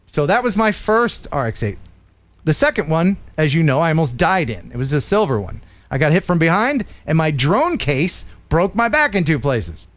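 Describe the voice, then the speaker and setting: A middle-aged man hosting a live stream, telling stories in a joking, animated way. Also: a little high, moderate pace. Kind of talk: casual live-stream chat.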